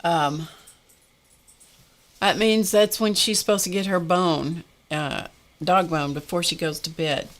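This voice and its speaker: A woman hosts a casual art livestream, chatting while she works and laughing often. Her fairly low voice is slow, with frequent pauses.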